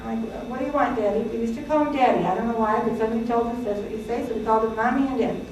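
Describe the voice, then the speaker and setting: Speaking very fast in a fairly high, slightly mellow voice, a presenter in her sixties who was born in Greece chats with an audience, laughing and using lots of fillers. The sound is distant and echoey, as in a hall, with a little hiss or hum.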